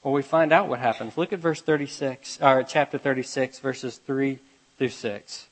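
A man preaching a sermon, reading scripture aloud and telling a parable, moving between loud urgent passages and quiet hushed ones. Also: mid-range voice, steady tone, moderate pace, low-quality recording. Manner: reads scripture aloud and tells a parable with kid voices. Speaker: pastor.

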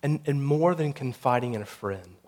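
A man, the pastor, delivering a sermon that builds to intense storytelling and closes in a quiet prayer. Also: medium pitch, lively intonation, normal speed.

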